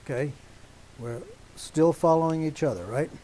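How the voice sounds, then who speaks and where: A man preaching a teaching sermon to a congregation, deliberate and emphatic, stopping often to check that his listeners agree. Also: a little high, warm tone, low-quality recording.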